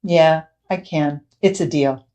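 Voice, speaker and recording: A woman's voice: low-pitched, slow pace, dark tone, slight background noise. A woman voicing a frustrated young boy who whines and complains to his mother. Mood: hopeful. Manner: whiny, complaining.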